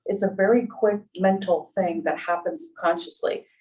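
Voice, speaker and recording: Low-voiced woman on a distant video call. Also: normal speed, a little mellow. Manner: earnest, explanatory. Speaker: panelist. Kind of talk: webinar panel talk.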